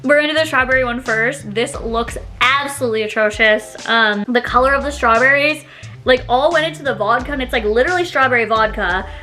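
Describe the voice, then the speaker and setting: Giggly young woman vlogging, bright voice. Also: on the high side, faint music behind. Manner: giggly, dramatic, quick reactions. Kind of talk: casual chat to camera.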